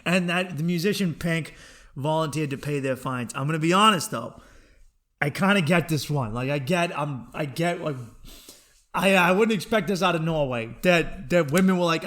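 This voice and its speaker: A man's voice: a little high, moderate pace, a bit bright. A man hosting a comedy podcast, riffing through a profane monologue and laughing at his own jokes.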